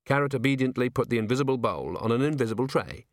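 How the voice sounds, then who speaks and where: Here an audiobook narrator, a man of medium pitch, tells the story at a steady, measured pace. The studio sound is clean, without any echo.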